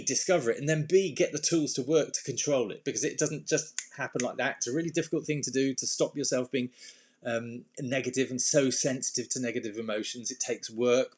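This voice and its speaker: A man talking casually as an anxiety coach, his voice sitting at an ordinary middle pitch. He rambles through restarts and fillers in an informal way, with the odd sudden, playful burst. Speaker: anxiety and self-esteem coach. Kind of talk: casual talk to camera with slides.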